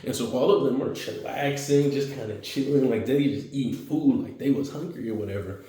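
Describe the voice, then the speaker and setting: A man casually narrates a fan story, tripping over fillers and restarting his sentences. His voice sits at a middling pitch. The room around him rings with heavy echo. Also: mellow. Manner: rambling, filler-heavy, slips into quick character voices.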